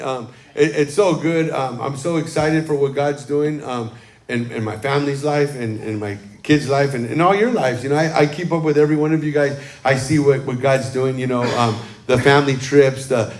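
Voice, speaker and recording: A man preaching as pastor, telling casual stories to his congregation and often adding "amen.". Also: medium pitch. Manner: chatty, warm storytelling with frequent "um" and "amen". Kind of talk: casual sermon talk to a congregation. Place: church sanctuary, livestreamed. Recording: roomy church sanctuary sound.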